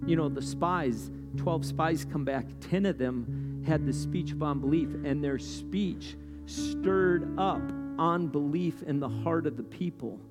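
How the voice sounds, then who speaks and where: Guy preaching in a church, pretty high voice, chatty, keeps going "right?", gets louder and higher when fired up, long hall echo w/ guitar behind. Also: slow. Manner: conversational preaching, often asks "right?"; pitch and volume climb steeply when worked up. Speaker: pastor. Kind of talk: sermon. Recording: long hall reverb with guitar playing underneath.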